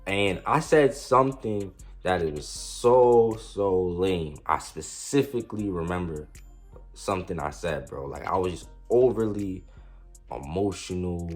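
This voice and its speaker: Deep-voiced young man telling a story. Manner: slangy, self-mocking, rambling with restarts. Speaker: storyteller vlogger. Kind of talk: casual storytime monologue.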